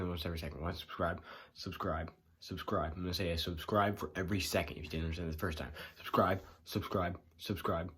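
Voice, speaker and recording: Young male vlogger, low husky voice, teasing deadpan patter to camera. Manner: teasing, repetitive, mock-bored. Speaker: YouTuber.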